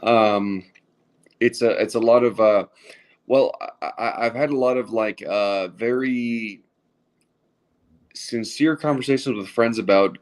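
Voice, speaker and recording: A man in his thirties, a stand-up comedian, chatting casually as a guest with lots of fillers and restarts and a dry, self-deprecating humor. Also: on the low side. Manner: halting, many fillers and restarts. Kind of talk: casual podcast chat.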